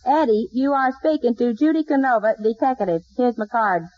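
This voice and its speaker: A woman's voice: fairly high pitch, lively intonation, normal speed, no room sound. A woman playing a scatterbrained, wisecracking country gal in a 1940s radio sitcom, folksy and punning, on a dull old broadcast recording. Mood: zany. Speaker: comedy star of a radio sitcom.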